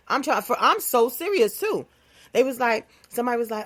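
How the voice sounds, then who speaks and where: A woman hosting her own podcast, talking in a playful, animated, casual comedic monologue with phrasing. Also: a little high, a little fast, breathy edge. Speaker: podcast host.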